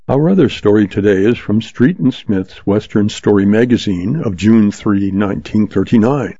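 Man, story narration, steady measured pace, mellow dark tone, husky, dry lo-fi recording. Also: lowish voice, dry recording. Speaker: story reader, host. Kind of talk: scripted narration of pulp western stories. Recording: dull lo-fi, dry.

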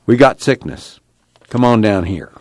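A man as a tired, steady country father, low-key and drawling. Audiobook reading with a dry close sound. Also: measured pace, no echo, natural voice. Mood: calming. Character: weary middle-aged father, slow and steady.

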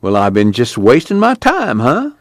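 A brash, cocky young man teases and dodges in a raised, lively voice, as a male reader puts him on. He talks breezy and evasive. It is a dry, close storybook read. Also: mid-range voice, moderate pace, no echo, voice pushed up.

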